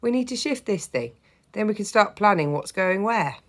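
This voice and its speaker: A cheerful, teasing old grandfather from a storybook, gruff and jovial, as a woman reads him aloud. He sounds like a grandad joshing with a child. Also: medium pitch, animated, moderate pace, fairly bright tone, pitched above the performer's own voice.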